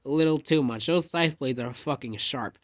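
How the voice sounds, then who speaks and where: Male storyteller, casual and rambling, bursts into lively quoted lines, mid pitch, dry close sound. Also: normal speed, dry recording. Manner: rambling, animated, jumps into quoted dialogue. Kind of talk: casual self-insert fan story.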